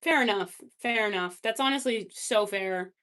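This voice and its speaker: A woman's voice: medium pitch, normal speed, a bit bright. A woman livestreamer in casual chat, reacting to chat messages with lots of fillers.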